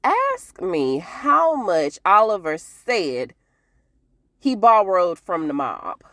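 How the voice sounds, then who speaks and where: A woman hosting a casual TV recap, chatty and expressive, laughing often and talking straight to her viewers. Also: mid-range voice, slow, dry recording. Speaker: TV recap host.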